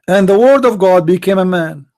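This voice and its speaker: A man's voice: high-pitched, normal speed, a little mellow. Emphatic man hosting a live debate stream. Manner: emphatic, rhetorical questions, non-native grammar. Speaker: live debate show host.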